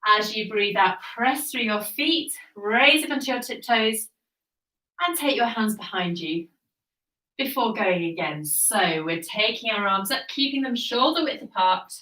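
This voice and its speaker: A woman's voice: mid-range voice, measured pace, distant mic. Pilates teacher woman in an echoey room. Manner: encouraging, calm cueing with breath counts. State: slightly out of breath. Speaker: Pilates instructor. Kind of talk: guided workout instruction.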